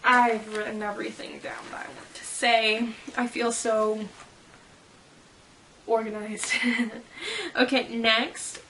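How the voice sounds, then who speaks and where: A woman's voice: on the high side, flat delivery, slow pace, long pauses, bright, forceful tone, a little hiss or hum. A woman chatting casually as a fan vlogger, reading fan fiction quotes aloud and giggling about how people would react. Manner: giggly and playful.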